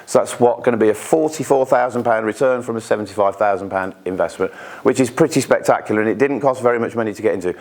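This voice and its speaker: A man from the UK giving an informal presentation at an investor networking event, chatty, with quick asides and quoted voices. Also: fairly low pitch, darkish tone.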